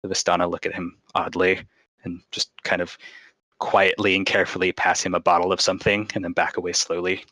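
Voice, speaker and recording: A man's voice: sits low, level tone, fairly quick, sharp tone, no room sound, rough recording. A man narrating as game master in a casual way, with many fillers and restarts.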